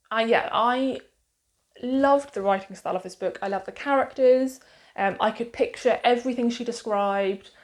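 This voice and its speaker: A woman with a Suffolk accent talking casually to camera as a book reviewer, chatty and enthusiastic, with lots of fillers and restarts. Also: mid-range voice.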